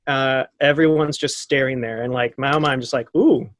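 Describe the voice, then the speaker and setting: A man in his thirties tells a story in a casual, animated way, acting out the voices of the people in it and laughing often. His voice sits at an ordinary middle pitch. The recording is close and dry, with no room sound. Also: moderate pace, no room sound. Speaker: podcast guest.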